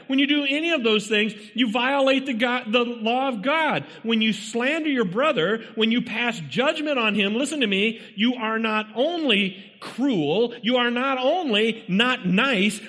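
A man preaches a sermon to his congregation, driving home his points through emphatic repetition and rhetorical questions. His voice is very high, pushed and bright, and a long reverb tail follows it.

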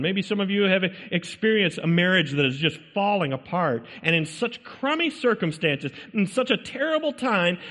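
A man's voice: high voice, a bit bright. Man, pastor, sermon, rhetorical questions, long church reverb. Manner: asks the congregation rhetorical questions.

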